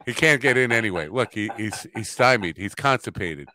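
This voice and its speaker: A man's voice: lowish voice, expressive, moderate pace, sharp tone, slight background noise. A man hosting a podcast in casual chat, blunt and given to swearing. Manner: blunt and profane, mutters asides. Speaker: podcast host.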